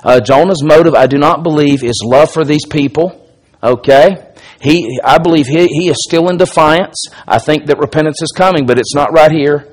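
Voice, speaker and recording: Male pastor, slightly high voice, conversational sermon delivery with emphatic swells. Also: moderate pace. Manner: conversational teaching with frequent restarts, swells in volume for emphasis. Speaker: pastor and Bible teacher. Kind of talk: sermon-style Bible study.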